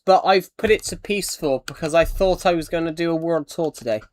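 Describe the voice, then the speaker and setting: An English man streaming a game and talking to his chat in a loose, rambling way. His voice sits a bit high, and he keeps repeating and restarting phrases as he reacts. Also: a little fast, a little mellow. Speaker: gaming live streamer. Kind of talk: casual live-stream chat.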